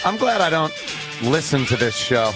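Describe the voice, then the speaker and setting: A man hosting a radio show, bantering loudly and cracking jokes. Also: on the high side, normal speed, loud music behind the voice. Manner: loud, mock-energetic, joking.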